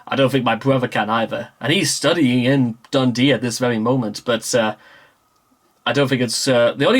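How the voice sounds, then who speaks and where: A man's voice: mid-range voice, a little fast. A young man rambles casually through a vlog, full of fillers and restarts, recorded in a small room. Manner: meandering, full of fillers and self-corrections. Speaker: vlogger. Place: small room with a green screen.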